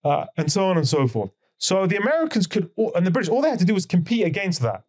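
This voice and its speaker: Emphatic lecturing man, fairly high voice. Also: sing-song, fast, darkish tone. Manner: emphatic, lecturing, many rhetorical questions. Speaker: podcast guest. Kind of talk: conversational podcast lecture.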